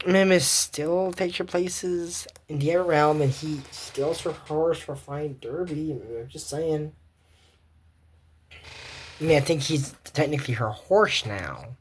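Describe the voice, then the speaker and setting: A woman with a somewhat low voice chats her way through a cartoon episode recap. She rambles, circles back on herself and throws in sarcastic remarks as she goes. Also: slow pace, slightly rough. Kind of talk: casual episode recap commentary.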